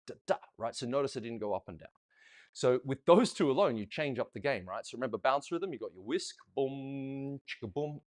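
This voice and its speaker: A chatty middle-aged male dance coach talks through steps in a relaxed way. He counts rhythms out loud and sings the beats as he demonstrates. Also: medium pitch. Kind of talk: casual online dance lesson.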